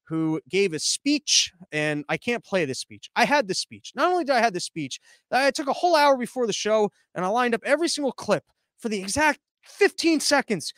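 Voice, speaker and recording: A man's voice: very high-pitched, sing-song, normal speed, a bit bright, dry recording, clean studio sound. A man hosting a podcast as a live stream, rambling through viewer comments in a sarcastic, crude, offhand way. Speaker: podcast host.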